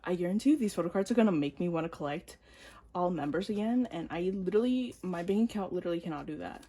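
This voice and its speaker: Excitable woman with a lively, low-set voice. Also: fast. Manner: excitable, gasps and squeals often; drops to quiet mumbles between outbursts. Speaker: vlogger unboxing albums. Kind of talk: casual chat to camera.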